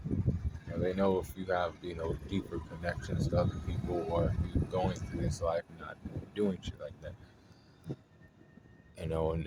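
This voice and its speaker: A man's voice: deep voice, very noisy. A man talking casually and at length about astrology, in a loose, slangy way full of fillers. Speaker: astrology vlogger. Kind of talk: casual off-the-cuff talk.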